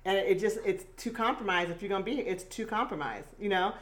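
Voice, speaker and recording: A woman's voice: mid-range voice, fairly quick. A woman from Eugene talking in casual chat, emphatic and reflective, with many affirmations. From Eugene, Oregon. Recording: noisy recording.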